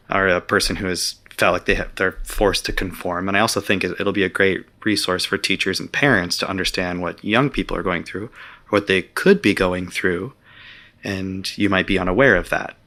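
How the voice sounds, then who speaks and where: A man's voice: low-pitched, fairly even intonation, brisk, pushed and bright. A man, an author being interviewed, talking earnestly and reflectively with some hesitations. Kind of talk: conversational interview.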